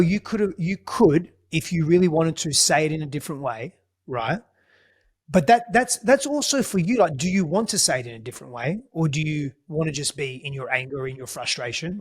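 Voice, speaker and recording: A man who works as a relationship coach, speaking as a podcast guest in a calm, measured and earnest way. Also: a little high, slightly rough. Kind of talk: reflective podcast conversation.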